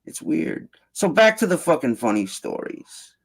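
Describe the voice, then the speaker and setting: A man hosting a casual group voice chat, ranting in a profane, animated way. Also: on the high side, unhurried, breathy edge. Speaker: host.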